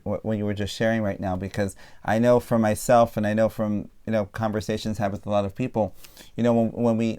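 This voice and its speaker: A man's voice: lowish voice, a little mellow, smooth. A man, a career coach, thinking aloud in a podcast discussion, reflective and full of fillers.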